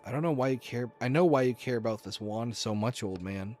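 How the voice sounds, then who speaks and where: A man's voice: mid-range voice, a little fast, darkish tone, soft background music, close to an everyday voice. A man voicing a contemptuous, bratty young man in a narrative game, snapping out scornful lines.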